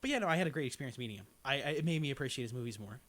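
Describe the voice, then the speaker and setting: Fast-talking young man telling a story. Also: medium pitch, expressive, a bit bright. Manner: rambling, lots of "like", swears freely. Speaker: podcast guest. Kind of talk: casual storytelling.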